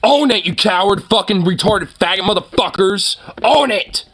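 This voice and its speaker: A man's voice: high voice, normal speed, fairly bright tone. A man delivering a profane political rant, rambling through many filler words and breaking into mocking laughter. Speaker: online commentator.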